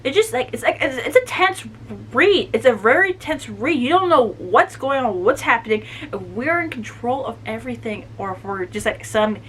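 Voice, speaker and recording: Chatty woman recapping a book, animated. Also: fairly high pitch, moderate pace, few pauses, a little hiss or hum, poor audio. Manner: chatty and animated, many "like" fillers. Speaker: book reviewer. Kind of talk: casual book review recap.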